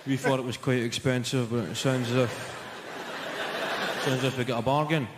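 A man's voice: medium pitch, fairly even intonation, moderate pace. A Scottish man performing stand-up comedy on a large theatre stage, wry and punchy as he tells stories. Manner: wry, storytelling, punchy delivery. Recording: echoey hall, heavy noise.

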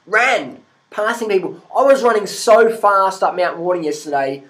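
Animated man ranting to camera. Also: sits high, moderate pace, low-quality recording. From Australia. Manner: animated, swearing, laughing at others. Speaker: vlogger. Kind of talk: casual rant to camera.

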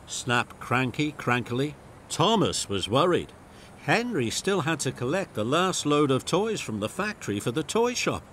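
A man narrating a children's story in a gentle, expressive way. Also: mid-range voice, a little slow, a little hiss or hum.

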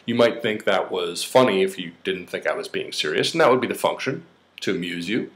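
A man's voice: lowish voice, lively intonation, brisk. A middle-aged man with a slight New York accent, explaining ideas in a casual lecture with frequent fillers and restarts. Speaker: psychotherapist teaching a course.

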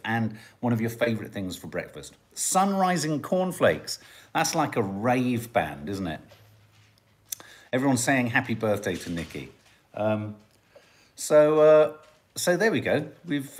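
Brief: male livestream host, jokey and chatty, voice swinging up and down, middle pitch. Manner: chatty, jokey, musing aloud. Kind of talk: casual live chat, reading out viewer comments.

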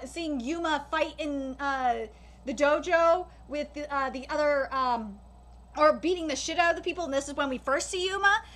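A woman with a high, bright voice delivers a live reaction critique. She talks emphatically and swears freely. Her sentences break off and restart as she works through her frustration. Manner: frequent swearing, halting restarts; exasperated and emphatic. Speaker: anime reaction host.

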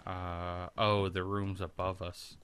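A man's voice: deep voice, level tone, slow pace, a bit bright, smooth. A man hosting a let's play, casually thinking aloud and swearing as he plays. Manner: profane, rambling, thinking aloud. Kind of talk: casual gameplay commentary.

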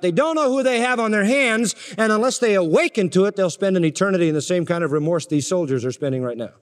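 An older man preaching an expository sermon, swinging from loud emphasis to hushed, low lines. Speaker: pastor. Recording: reverberant hall recording.

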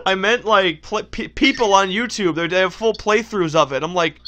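A man giving casual gameplay commentary as a let's play host, excitable and laughing often, breaking off mid-sentence. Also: high voice, normal speed, noisy background.

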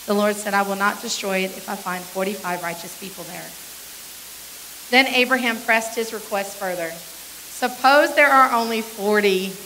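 A woman's voice: medium pitch, normal speed, sharp tone, slight background noise, poor audio. A woman pastor reading a scripture passage aloud during a sermon, with short asides to the congregation.

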